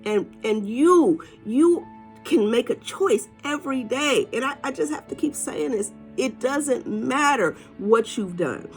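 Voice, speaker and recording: A woman giving a casual inspirational talk, animated and repetitive, often jumping up in pitch to act out what people say, with faint music behind her. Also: measured pace. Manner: animated, jumps high in pitch when quoting people, laughs often; preachy, repeats phrases, talks to listeners as y'all. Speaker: motivational speaker.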